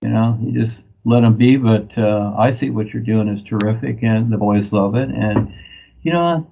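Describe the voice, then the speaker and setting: A man with a gravelly, husky voice talks in a loose, rambling way. He chuckles easily as he wanders from one thought to the next in casual chat. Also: on the low side, normal speed, dull audio.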